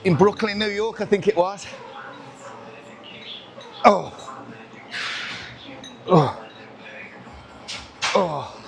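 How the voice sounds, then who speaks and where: Chatty gym man, slightly high voice. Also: extremely slow, gravelly, long pauses, crowd noise. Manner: chatty, banters, counts reps aloud. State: out of breath between sets. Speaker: gym vlogger. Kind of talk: casual chat while training. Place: busy gym, indoors. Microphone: camera on tripod nearby.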